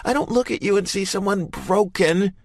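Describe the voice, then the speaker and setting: A man voicing a fierce, stubborn young woman who talks in a loud, cutting, high-pitched way in an audiobook. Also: normal speed. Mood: furious.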